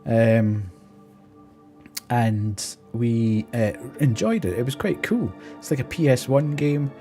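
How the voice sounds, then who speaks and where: A man's voice: mid-range voice, takes it slowly, mellow. Guy streaming from home, chatty, laughs a lot, faint music under him. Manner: chatty, laughs often, exasperated storytelling. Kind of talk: casual chat and anecdote telling.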